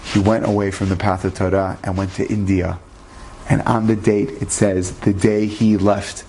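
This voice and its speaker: A rabbi telling an inspirational story in a lively, conversational way, using Hebrew terms along the way. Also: male voice, medium pitch, a little hiss or hum.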